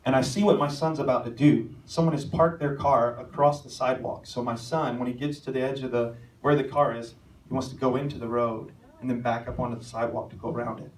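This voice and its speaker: A man's voice: mid-range voice, fairly even intonation, brisk, recorded from a distance. Preacher man telling a story in an echoey church. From American. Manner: storytelling, rising to shouted calls at peaks. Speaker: pastor. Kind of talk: sermon. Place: church sanctuary. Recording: echoey church hall, mic from afar.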